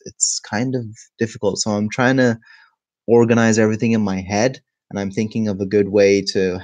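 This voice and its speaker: A man with an Egyptian accent teaching his language in a relaxed, chatty live lesson, tired and reading viewer comments aloud. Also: on the low side, no room sound. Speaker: Arabic teacher. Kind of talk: casual live-stream lesson.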